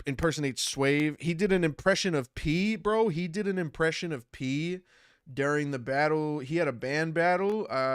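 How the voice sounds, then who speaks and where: A man's voice: a little high, smooth, dry recording, clean studio sound. Congested man chatting on a stream. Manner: rambling, swearing, laughing often. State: congested from a cold. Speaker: streamer and battle rapper. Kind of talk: casual livestream chat reading comments.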